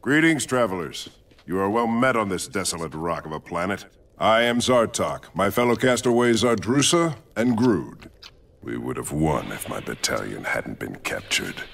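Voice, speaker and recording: An actor voicing a proud, blustering male alien warrior who declaims loudly and pompously. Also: sits low, big pitch swings, normal speed, creaky, exaggerated voice.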